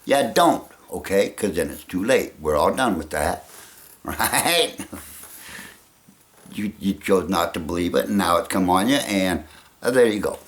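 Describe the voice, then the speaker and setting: Gravelly man rambling with chuckles. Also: low-pitched, animated, measured pace. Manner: rambling, chuckling often, trailing off. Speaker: vlogger. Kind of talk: rambling casual monologue.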